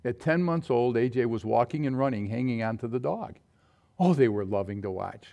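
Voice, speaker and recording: A man preaching a sermon, telling personal stories in an animated way and acting out quotes with sudden jumps in his voice. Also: medium pitch, moderate pace, creaky.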